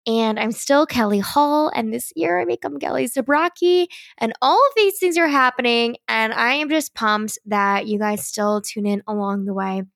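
A young adult woman hosting her own podcast, talking in a chatty, animated way with lots of "like" fillers. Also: fairly high pitch, moderate pace, creaky, dry recording, clean studio sound. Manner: chatty and animated, heavy use of "like". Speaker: podcast host. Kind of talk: casual solo podcast monologue.

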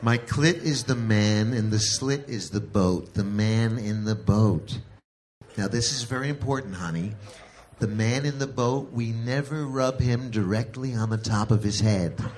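A man voicing his wife as a frank, patient woman explaining things calmly, in a stand-up routine. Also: medium pitch, moderate pace, slight background noise, close to an everyday voice. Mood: instructive.

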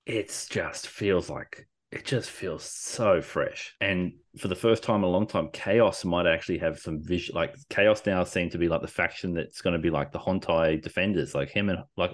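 A man's voice: sits low, fairly even intonation, moderate pace, few pauses. A man hosting a casual podcast chat, rambling with lots of fillers and the odd swear word.

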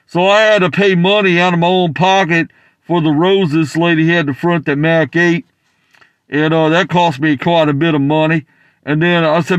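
A man on a call-in show, telling a story with many stumbles and "uh"s. His voice is fairly high for a man, and the sound is dry and close. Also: fairly even intonation, moderate pace, fairly bright tone, smooth, dry recording. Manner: rambling, stumbling, many restarts and fillers. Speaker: caller. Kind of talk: rambling anecdote.

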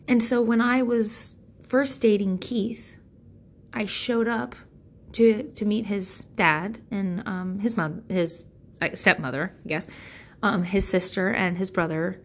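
A woman in her thirties giving a candid personal monologue, rambling and frank, with plenty of swearing and lively jumps in pitch when she quotes people.

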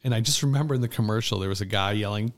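Rapid-fire and on the low side, this man's voice carries animated stories in casual podcast chat, where he's a co-host. He restarts often and trails off with fillers.

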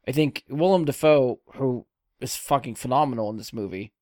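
A man's voice: mid-range voice, moderate pace, a little mellow, no echo, studio quality. A man hosting a casual podcast chat about a film, enthusiastic and swearing casually as he talks. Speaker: podcast host.

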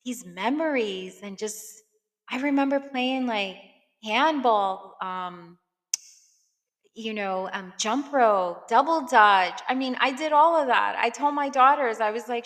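A middle-aged woman from Brooklyn talks casually on her podcast, filling her sentences with "you know" and "um" and acting out the lines of the people in her story. Her voice is bright and clear. The recording has a long, echoing reverb. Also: mid-range voice, a little slow. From Brooklyn, New York. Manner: chatty, lots of "you know" and "um", acts out quotes. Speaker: podcast host. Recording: long reverb, echoey room.

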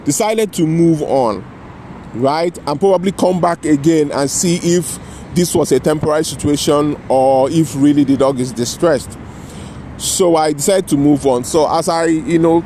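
Guy rambling through a story, keeps saying you know, right?, bit high voice, faint car noise outside. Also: dark tone. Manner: restarts and self-corrections mid-sentence. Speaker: vlogger telling a personal story. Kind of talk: casual spoken storytelling.

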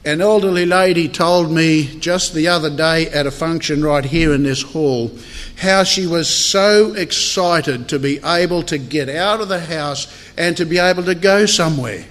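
A man preaching a sermon in a church hall, earnest and measured, with deliberate pauses. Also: a little high, fairly bright tone. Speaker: pastor. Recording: long hall reverb.

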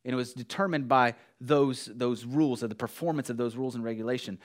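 A man preaching a sermon, emphatic, dropping to hushed lows and rising to raised exhortation, repeating key phrases. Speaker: pastor.

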